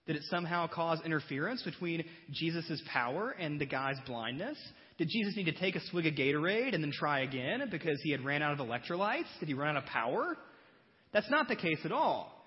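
A man preaching a Bible teaching sermon, conversational and animated, full of rhetorical questions and humor. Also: a little high, a little fast. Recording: dull recording with long hall reverb.

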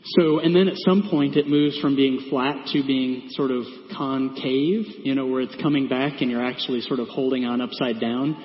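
A man's voice: medium pitch, fairly even intonation, normal speed, hardly any pauses, a little hiss or hum. A man giving a conversational sermon in a church, with many fillers and asides. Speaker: preacher. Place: church sanctuary. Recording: echoey church hall, dull sound.

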